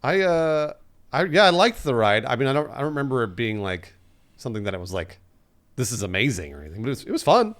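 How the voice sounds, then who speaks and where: Lively man hosting a casual podcast. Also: mid-range voice, fast. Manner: animated, laughing storytelling. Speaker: podcast host. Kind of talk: casual chat.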